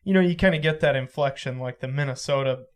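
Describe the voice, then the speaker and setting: A man co-hosting a podcast, chatting in a relaxed way with many "you know"s. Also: medium pitch, fast talker. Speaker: podcast co-host. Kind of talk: casual chat.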